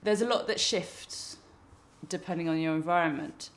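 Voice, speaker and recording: A woman's voice: lowish voice, moderate pace. A woman artist being interviewed, talking in a thoughtful, wandering way with restarts. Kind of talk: reflective interview talk.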